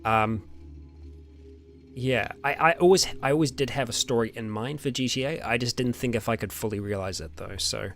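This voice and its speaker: A man's voice: mid-range voice, normal speed, a little hiss or hum. Laid-back Australian man chatting with viewers. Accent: Australian or New Zealand. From Australia or New Zealand. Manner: relaxed, rambling, frequent ums and laughs. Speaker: roleplay channel host answering viewer questions. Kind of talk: casual live chat.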